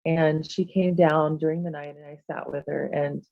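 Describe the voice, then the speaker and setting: Soft low-voiced woman, lo-fi audio. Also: fairly even intonation, vocal fry, no room sound. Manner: soft, halting, many fillers and "like". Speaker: guest, shamanic healer and animal communicator. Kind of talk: casual chat.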